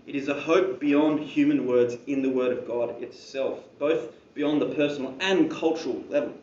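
A man's voice: mid-range voice, steady tone, moderate pace, darkish tone, a little hiss or hum. Man preaching in an echoey hall. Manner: conversational preaching with casual asides. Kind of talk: sermon. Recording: roomy, distant and dull-sounding.

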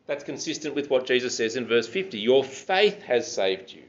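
A man's voice: medium pitch, big pitch swings, normal speed, muffled recording. A man preaching a sermon, explaining scripture verse by verse and stressing key words.

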